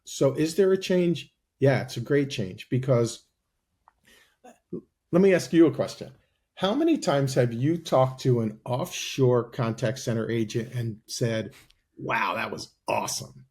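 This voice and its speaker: A man as a guest on a podcast interview, explaining his company's service in a persuasive sales-pitch way. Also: unhurried, darkish tone.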